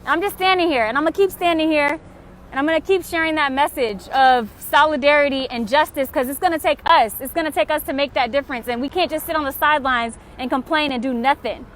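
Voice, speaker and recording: Young woman with a very high voice, making frustrated, urgent appeals on a phone stream outdoors by a street. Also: quick pace. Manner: impassioned, urgent, repetitive calls to action. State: frustrated and tired. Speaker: livestreamer. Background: faint passing traffic and honking.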